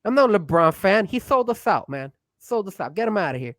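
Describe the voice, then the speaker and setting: An excitable man co-hosting a casual podcast, pushing his point hard and getting loud when he gets worked up. His voice sits a bit high for a man. The sound is dry and close, with no room behind it. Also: fairly quick, no room sound. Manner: excitable, pushy, raises voice when hyped. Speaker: co-host. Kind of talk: casual wrestling podcast chat.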